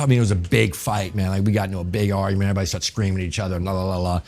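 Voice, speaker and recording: A man's voice: low voice, level tone, racing, few pauses, a little mellow, faint music behind. A middle-aged man from New Orleans with a New Orleans accent, a chef telling stories in casual, profane, rambling talk full of "you know.". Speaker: chef telling his story as a guest. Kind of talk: casual storytelling.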